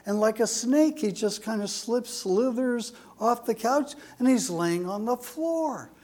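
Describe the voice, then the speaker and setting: Slow, lively older male preacher. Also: extremely high pitch. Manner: chatty, rambling, with restarts and asides. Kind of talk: folksy sermon with jokes.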